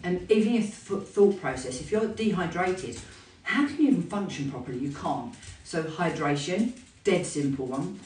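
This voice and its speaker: A fitness instructor, chatting candidly and with animation about self-care. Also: female voice, lowish voice, animated, normal speed, a little mellow. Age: 50s. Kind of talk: casual talk to camera. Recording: roomy, voice from a distance.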